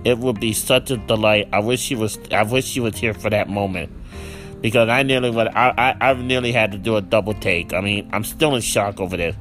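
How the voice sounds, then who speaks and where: A man hosting a casual solo podcast, rambling with many fillers and restarts, lively and quick to laugh. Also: on the low side, soft background music. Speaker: podcast host.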